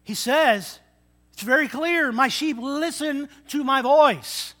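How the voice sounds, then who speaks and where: A man in his sixties, a pastor preaching a sermon, swinging between loud emphatic lines and quiet asides. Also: very high voice, slow pace. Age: 60s.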